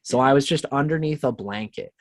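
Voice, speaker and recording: A man telling a long story as a podcast guest, swearing freely and acting out what people said in lively voices. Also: mid-range voice, a little fast. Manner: profane, animated, acts out quoted voices. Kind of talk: casual storytelling.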